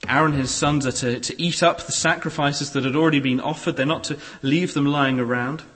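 A man preaching a sermon in a church hall, expressive, with shifting pace and loudness. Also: fairly high pitch, a little fast. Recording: echoey hall.

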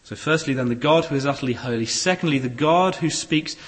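A man preaching a sermon in a church hall, expressive, with shifting pace and loudness. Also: fairly high pitch, fairly quick. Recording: echoey hall.

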